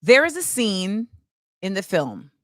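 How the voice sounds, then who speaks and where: Lively, bright-voiced woman host. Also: medium pitch, slow, no echo, studio quality. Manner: emphatic, repeats key phrases for weight; opinionated and impassioned. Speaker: show host. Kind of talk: film commentary monologue.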